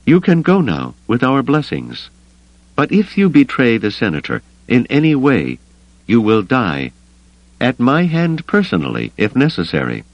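A man's voice: medium pitch, huge pitch swings, measured pace, dry recording, lo-fi sound, voice pushed up. A man voicing a fiercely loyal woman aide in an audiobook, speaking with deadly earnestness. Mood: threatening.

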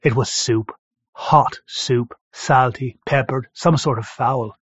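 A man reading a first-person story aloud in a steady, measured way. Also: mid-range voice, breathy edge, no room sound. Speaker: narrator. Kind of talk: first-person audiobook narration. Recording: dry, slightly dull recording.

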